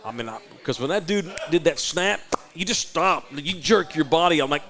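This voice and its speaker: A loud man hosting a live podcast, spinning a profane, animated story. His voice sits somewhat high for a man and he swings between laughing asides and hushed retellings. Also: normal speed. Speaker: podcast host.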